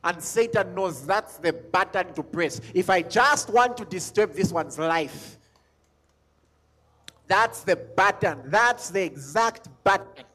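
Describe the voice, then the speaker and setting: A man's voice: sits high, lively intonation, slow pace, sharp tone. A man preaching a sermon as a pastor, driving his points home with repeated questions and sometimes lifting scripture into a chant. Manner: emphatic, repeats lines, sings scripture.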